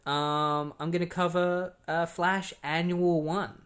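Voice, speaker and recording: A man casually retelling a comic book story as a podcast host, rambling with many fillers and quick quoted asides. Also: on the high side, level tone, a bit bright.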